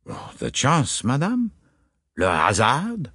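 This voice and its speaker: A man's voice: mid-range voice, wildly swooping pitch, slow, fairly bright tone, breathy edge, dry recording, clean studio sound, heavily acted. A man voicing a fussy, precise Belgian detective, courtly and mildly amused, in an audiobook. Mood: dismissive.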